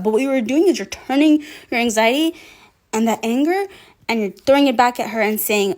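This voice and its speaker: A woman giving an impassioned commentary video, speaking emphatically and pushing her voice up toward near-shouting. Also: a little high, expressive, fast. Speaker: social media commentator.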